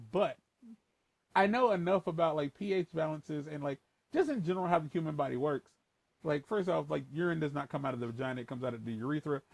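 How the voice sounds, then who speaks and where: A man talking casually and rambling with lots of profanity, shifting between a playful voice and a lower, more formal one. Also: gravelly, no room sound. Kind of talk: casual chat.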